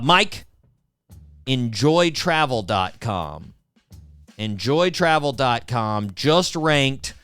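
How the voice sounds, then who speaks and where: A man hosts a casual podcast, wry and sarcastic as he talks to his co-host. His voice swings widely in pitch and sounds smooth and resonant. The recording is dry and close. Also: a bit bright, no room sound. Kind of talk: casual chat.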